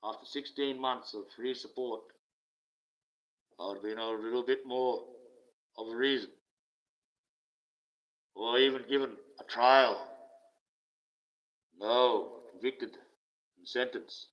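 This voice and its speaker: A man rants casually on his livestream. He is profane and sarcastic, and he swings between loud outbursts and low mutters. His voice has a middle pitch, and the audio is dull and lo-fi. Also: fairly even intonation, takes it slowly, long pauses. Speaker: livestream host.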